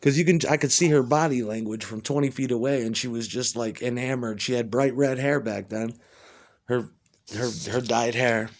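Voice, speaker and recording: A man, a musician, telling a rambling, profane story in a casual monologue and getting excitable as he retells it. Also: mid-range voice, normal speed.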